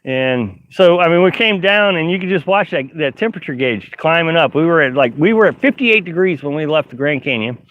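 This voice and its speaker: Speaking from his camper, a middle-aged man runs a casual live stream and reads out comments from viewers. His fairly high voice is animated and brisk, with hardly a pause, and he rambles, laughs frequently, and keeps restarting and using fillers. The audio is dull, lo-fi live-stream sound.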